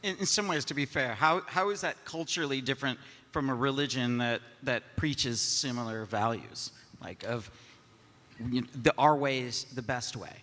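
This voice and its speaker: A man on a live panel asking questions, halting with restarts. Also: mid-range voice, pushed and bright, big-room sound.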